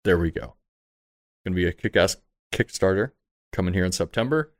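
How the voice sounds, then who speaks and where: A man narrating a tabletop game as game master, relaxed, jokey and freely swearing. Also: deep voice, a little fast.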